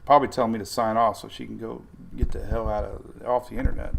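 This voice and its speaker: Gravelly-voiced chatty man hosting a weather stream. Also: on the low side, steady tone, moderate pace, noisy background. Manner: chatty, rambling, laughs often, reads comments aloud. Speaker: weather livestream host. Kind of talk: casual livestream chat.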